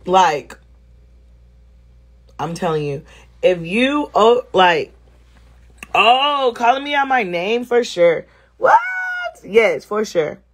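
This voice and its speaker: A woman's voice: mid-range voice, animated, takes it slowly, long pauses. A woman vlogger chatting casually and expressively straight to her viewers. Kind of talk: casual vlog chat to viewers.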